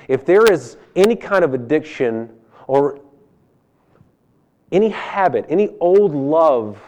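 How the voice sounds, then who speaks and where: A male pastor preaching a sermon with emphatic, swinging delivery, from loud urging to hushed asides. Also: medium pitch.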